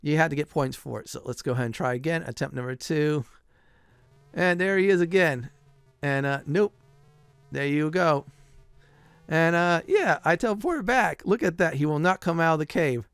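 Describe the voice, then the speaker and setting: A man's voice: fairly high pitch, expressive, normal speed, smooth, no echo. A middle-aged man giving casual commentary over a video game playthrough, chatty, with lots of "uh" fillers and frequent chuckles. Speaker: gameplay commentator.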